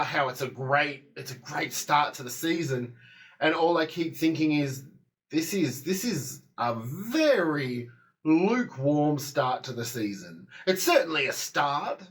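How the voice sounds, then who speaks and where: A man's voice: fairly high pitch, fairly bright tone. A man giving a casual spoken review of a TV episode, rambling, with many fillers and restarts.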